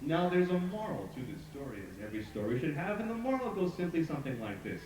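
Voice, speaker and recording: A man's voice: fairly high pitch, fast, hardly any pauses. A man telling a story to a live audience, leading them in call-and-response chants. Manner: lively, leads the crowd in chants and sound cues. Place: outdoor park stage. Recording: echoey live outdoor recording from far off, crowd and noise.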